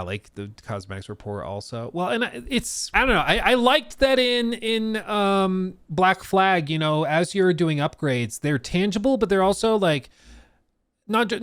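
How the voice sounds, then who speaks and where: A man's voice: fairly high pitch, dry recording. A man streaming a casual reaction commentary, talking in long rambling stretches full of restarts and fillers.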